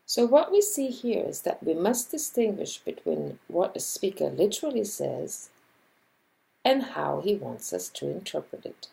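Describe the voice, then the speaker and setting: A woman lecturer talks unhurriedly in a warm, dark voice with lots of gravelly fry. Her pitch moves a great deal as she explains, and she voices example sentences along the way. The delivery is scripted and measured. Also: sing-song, poor audio. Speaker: linguistics lecturer. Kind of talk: scripted educational narration.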